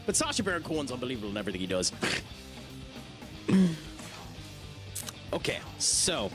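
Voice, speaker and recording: With game music behind him, an Irish man plays a video game live and chats with viewers, reacting with frequent laughter and swearing. His medium-pitched voice swings widely in pitch at a normal speed.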